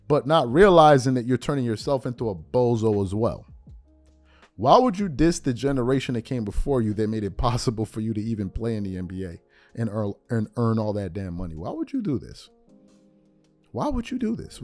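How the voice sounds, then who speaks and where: Animated man firing off rhetorical questions. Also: mid-range voice, no echo. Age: 30s. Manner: animated, fires incredulous rhetorical questions, street slang. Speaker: podcast host. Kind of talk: opinionated sports commentary.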